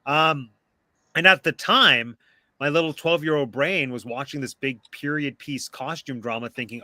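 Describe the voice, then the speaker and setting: A man's voice: a little high, lively intonation, a little slow, pushed and bright, dry recording. A man in his late thirties hosting a casual live discussion over a video call, chatty and full of fillers. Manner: chatty, uses many fillers. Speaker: podcast host.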